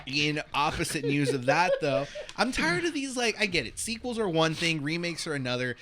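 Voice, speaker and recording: A man co-hosting a casual podcast chat, who talks fast and over the others and repeats himself. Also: on the high side, sing-song, bright, forceful tone, a little hiss or hum. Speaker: podcast co-host.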